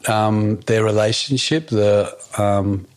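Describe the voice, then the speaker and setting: A man's voice: on the low side, slow. A man, a podcast guest chatting casually and rambling with fillers and restarts. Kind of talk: casual outdoor conversation.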